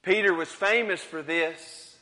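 A man preaching a sermon, dramatic and repetitive, swinging between loud and hushed. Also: a little high, unhurried, big-room sound.

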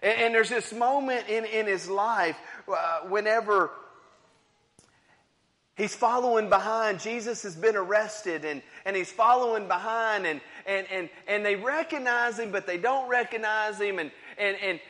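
Dramatic high-voiced male preacher. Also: a little slow, big-room sound. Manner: dramatic, repeating "and, and", swinging between loud and hushed. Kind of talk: sermon.

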